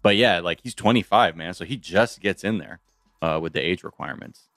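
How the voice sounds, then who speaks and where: A man's voice: low-pitched, a little fast, a bit bright, no echo, clean studio sound. A man co-hosting a podcast, chatting casually and joking with his co-host, swearing freely. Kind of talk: casual chat. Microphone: studio mic.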